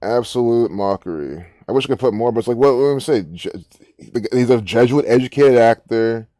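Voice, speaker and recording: A man's voice: mid-range voice, expressive, brisk, warm tone, dry recording, studio quality. A man giving rambling, profane, incredulous commentary while reading social media posts. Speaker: online commentator.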